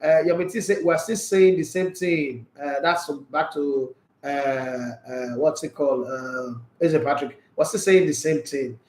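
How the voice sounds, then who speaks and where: A man's voice: on the high side, a little slow, a little mellow, reverberant, low-quality recording. A man with a Nigerian English accent hosting a casual sports chat, reading viewer comments and arguing with rhetorical questions, slipping into pidgin.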